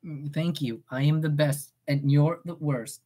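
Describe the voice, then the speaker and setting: A woman's voice: low-pitched, a little slow, mellow, slightly rough. An eighteen-year-old woman streamer and voice actor chatting casually, goofy and swearing, breaking into yelps.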